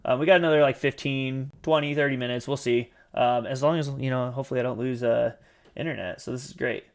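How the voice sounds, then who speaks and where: A man's voice: mid-range voice, fairly even intonation, quick pace. Chatty man teaching on a livestream. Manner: chatty, frequent fillers and "you guys", acts out panicked traders. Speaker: livestream host teaching trading. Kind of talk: casual live Q&A teaching.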